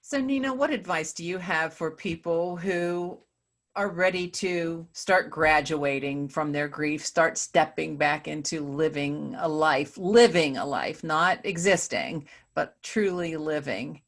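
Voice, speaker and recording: Woman host, deep-voiced, reflective and halting in her questions. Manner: searching, halting, many restarts when asking. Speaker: podcast host. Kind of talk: conversational interview.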